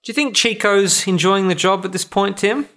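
A man's voice: high-pitched, normal speed, vocal fry, pushed and bright, slight background noise. A man hosting a casual film commentary chat, wry and musing as he asks his co-hosts questions.

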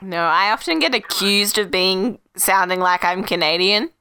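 A woman who works as a high school teacher, chatting casually and thoughtfully, with many fillers. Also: normal speed, sharp tone, a little hiss or hum. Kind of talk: casual chat.

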